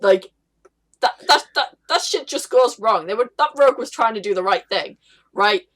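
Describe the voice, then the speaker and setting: Sweary excitable woman podcaster. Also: on the high side, normal speed. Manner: excitable, sweary, acts out voices in rants. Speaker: podcast co-host. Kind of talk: casual podcast chat.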